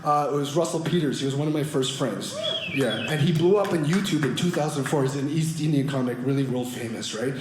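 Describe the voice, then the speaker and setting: A man's voice: a little high, fairly quick. A man in his forties doing a stand-up comedy set, telling stories with animation and acting out other people's voices. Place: comedy stage before a live audience. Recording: echoey room with audience noise.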